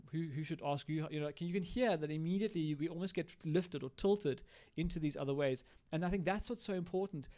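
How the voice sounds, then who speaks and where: A man's voice: a little high, darkish tone. A man explaining communication styles in a live-streamed teaching talk, acting out example lines as he goes. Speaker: recovery educator.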